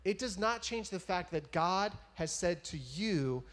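A man's voice: sits high, lively intonation, measured pace, fairly bright tone. A man giving a casual, joking sermon, retelling a story and often tagging his sentences with "right?".

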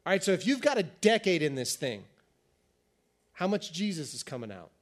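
A man in his thirties preaching a sermon in a lively, jokey, conversational way with playful asides. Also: sits high, moderate pace. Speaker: youth pastor.

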